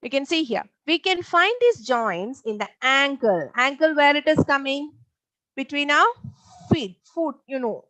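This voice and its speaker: A woman's voice: high voice, animated, unhurried, pushed and bright, no room sound, low-quality recording. A young woman teaching a live online science class, repeating key points and asking her pupils questions.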